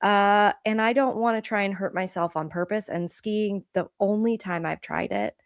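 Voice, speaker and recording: A woman guest on a casual podcast, from Hawaii and Southern California, with a middling pitch. She tells stories against herself with lively, self-mocking humor. The recording is close and dry. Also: moderate pace, smooth, no room sound. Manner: self-deprecating, animated storytelling.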